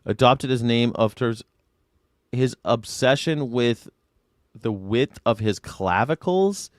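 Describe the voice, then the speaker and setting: A man hosting a live reaction stream in a casual, joking way, poking fun at headlines and at himself. His voice sits at a middle pitch and sounds dry and close, with no room around it. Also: expressive, slow pace, no room sound. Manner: joking, mocking, self-deprecating, swears freely. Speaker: host of a live news reaction show. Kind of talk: casual livestream commentary.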